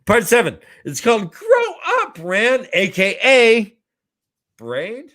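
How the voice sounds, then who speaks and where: Slow, lively man hosting a podcast. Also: sits high. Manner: playful and rambling, acts out characters. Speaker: podcast host. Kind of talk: casual book-discussion podcast.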